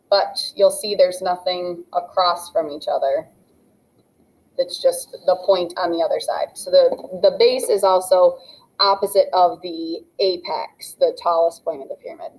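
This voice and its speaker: A woman's voice: lowish voice, fairly even intonation, unhurried, a little mellow, poor audio. Young adult female math teacher, patient, step-by-step classroom explainer. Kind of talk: classroom lesson narration.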